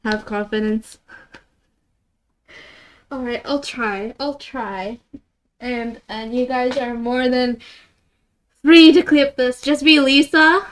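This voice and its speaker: A woman's voice: high-pitched, slow, long pauses. A woman streamer chatting casually with her viewers, flustered and giggly as she reads out donations. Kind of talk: casual live-stream chat.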